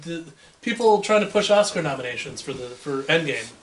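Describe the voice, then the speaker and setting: A man's voice: on the high side, animated, brisk, slight background noise. A man co-hosting a casual movie podcast, rambling and laid-back, a bit tipsy. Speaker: podcast co-host.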